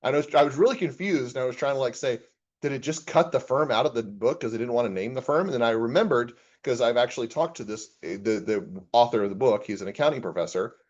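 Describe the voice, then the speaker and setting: A man's voice: mid-range voice, lively intonation, fast talker, darkish tone, dull audio. A man, an accounting professor, giving a casual classroom lecture and reading chatbot replies aloud with his own comments.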